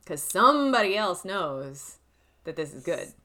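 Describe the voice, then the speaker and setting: A young woman chats casually as a co-host, her voice bright and full of swings in pitch. She tells stories with animation and laughs easily. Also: measured pace. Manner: animated storyteller, laughs often. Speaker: podcast co-host. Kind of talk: casual chat.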